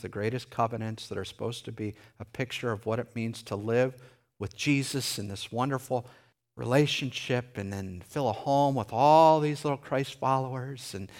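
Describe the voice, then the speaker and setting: A man preaching a sermon with a middle-pitched voice. He talks conversationally to his congregation and swings into lively, animated asides. His delivery feels loose and unscripted. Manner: conversational preaching, jumps into high excited voices for anecdotes. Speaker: pastor.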